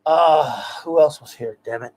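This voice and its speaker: Enthusiastic high-voiced host. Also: male voice, unhurried. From United States. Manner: enthusiastic, rambling, effusive shout-outs. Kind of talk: casual livestream chat.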